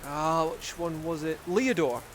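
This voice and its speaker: Casting: man as earnest young sergeant, hesitant, rambling delivery, voice a touch high. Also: a little hiss or hum, lightly acted. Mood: reminiscing. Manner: halting, rambling, searches for words. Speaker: roleplay player. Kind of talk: casual voice roleplay.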